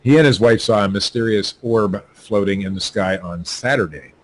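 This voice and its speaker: A man co-hosting a podcast, reading news stories aloud in a halting way with many fillers and laughs. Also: lowish voice.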